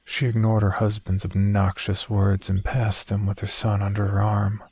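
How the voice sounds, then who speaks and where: A man narrating a horror story in a slow, somber, scripted read. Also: on the low side, monotone, a little mellow, husky.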